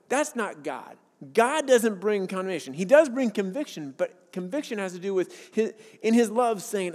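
A male pastor with a notably high voice delivers an earnest, conversational sermon. He mixes scripture with personal stories. His words ring out with the long reverb of a large church hall. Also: expressive, a little slow, darkish tone. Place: church sanctuary with a worship team.

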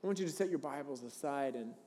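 A man's voice: medium pitch, fast, dark tone, slightly rough. A male pastor giving a sermon in a church, talking in a conversational, earnest way and often restarting with repeated words. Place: church sanctuary. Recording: long reverb of a large hall.

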